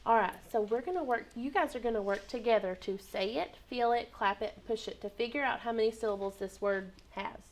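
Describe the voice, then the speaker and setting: Woman kindergarten teacher, kinda high voice, patient and encouraging, classroom. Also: brisk, hardly any pauses. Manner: patient, encouraging, asks many prompting questions. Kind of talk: teaching a class of young children.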